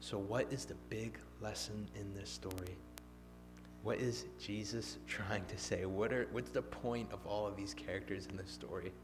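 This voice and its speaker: A man delivers a sermon in a somewhat low voice, pressing hard on key lines and then falling to a near whisper. Faint instrumental music sits quietly beneath him. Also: fairly even intonation, moderate pace. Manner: swings from emphatic to hushed, near-whispered. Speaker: preacher.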